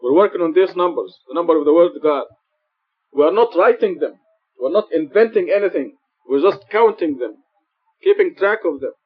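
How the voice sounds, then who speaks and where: A man's voice: a little high, animated, normal speed. A man preaching in a mosque, earnest and explanatory, repeating his points for emphasis. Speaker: preacher teaching Quran study. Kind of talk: sermon. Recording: dull lo-fi recording.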